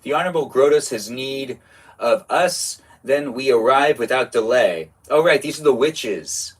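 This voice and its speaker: A man's voice: lowish voice, a bit bright, a little hiss or hum. Chatty young man streaming a game. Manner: rambling, chatty, self-interrupting. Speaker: live streamer. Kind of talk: casual gaming live stream chat.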